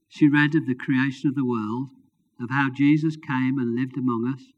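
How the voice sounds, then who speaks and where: Preacher telling a story in a sermon. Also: male voice, mid-range voice. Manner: informal, self-deprecating asides. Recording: dull lo-fi recording.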